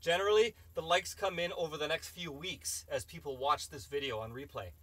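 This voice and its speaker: A man's voice: fairly high pitch, brisk, a bit bright. A man hosting a live stream, reading chat questions and rambling through opinionated casual answers.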